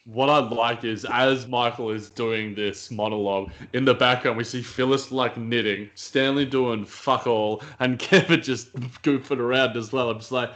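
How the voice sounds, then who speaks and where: A man co-hosting a casual podcast, animated, laughing often and swearing casually. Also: medium pitch, moderate pace, few pauses. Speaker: podcast co-host. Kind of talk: casual chat.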